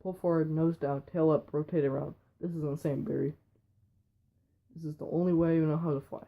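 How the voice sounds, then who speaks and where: A man reads a film script straight through in a quick, flat delivery that stumbles now and then. His voice sounds very dark and mellow and sits a little high. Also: gravelly. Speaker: reader. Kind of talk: reading a film script aloud.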